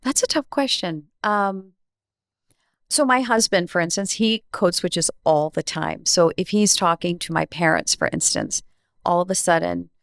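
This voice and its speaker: An American woman speaking as a podcast guest, measured and reflective in a conversational interview. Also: fairly low pitch, big pitch swings, vocal fry, dry recording, clean studio sound.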